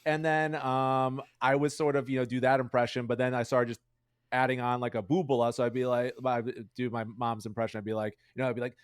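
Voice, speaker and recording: A man's voice: mid-range voice, level tone, clear, resonant tone, no echo, clean studio sound. A young man chatting casually as an interview guest, rambling with lots of fillers. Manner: fast, rambling, heavy use of fillers. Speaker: guest streamer.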